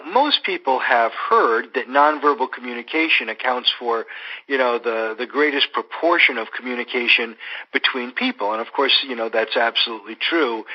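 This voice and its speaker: A man, a clinical psychologist, answering interview questions in a measured, explanatory way, often slipping in "you know". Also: medium pitch. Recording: dull lo-fi audio.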